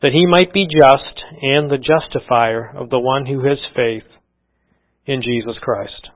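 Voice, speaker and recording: A man's voice: mid-range voice, measured pace. A middle-aged man preaching a sermon in an earnest, conversational way, often restarting his sentences. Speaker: pastor. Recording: slightly dull lo-fi sound.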